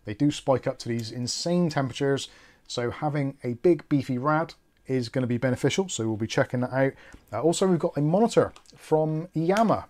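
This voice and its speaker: A man hosts a live tech stream, his voice sitting at an ordinary middle pitch. He rambles and jokes, corrects himself, and strays off topic before steering back. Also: brisk, darkish tone. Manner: rambling, jokey, self-correcting.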